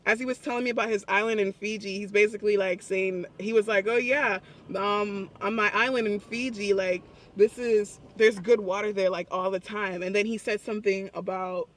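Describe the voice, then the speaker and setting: A young man telling a story to his phone camera in a public place, excited and chatty, often breaking into laughs. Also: high-pitched, moderate pace, hardly any pauses. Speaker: vlogger. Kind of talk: casual vlog storytelling.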